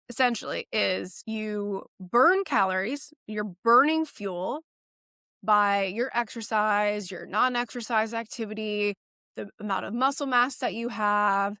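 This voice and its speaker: A woman's voice: medium pitch, bright, forceful tone, no room sound, clean studio sound. A woman in her thirties, a fitness coach host, talking straight to camera in a blunt, sassy way and swearing casually. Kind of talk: direct-to-camera coaching talk.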